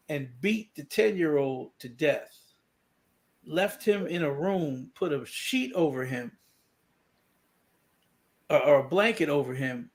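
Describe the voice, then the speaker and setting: Gravelly man telling a story. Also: on the high side. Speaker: livestream guest. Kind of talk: casual livestream chat, storytelling.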